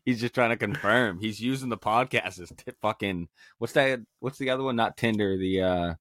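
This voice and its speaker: A man's voice: lowish voice, moderate pace, fairly bright tone, no echo, studio quality. A man co-hosting a podcast, joking and swearing a lot with frequent laughs. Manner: joking, profane, laughs often. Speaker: podcast co-host. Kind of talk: casual chat.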